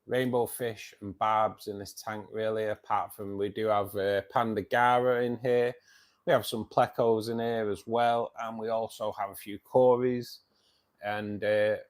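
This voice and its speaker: A man's voice: fairly low pitch, flat delivery, a little slow. A tired man hosting a fishkeeping live stream, chatting casually, reading viewer comments and calling everyone mate. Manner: chatty, says "mate" often, rambling restarts.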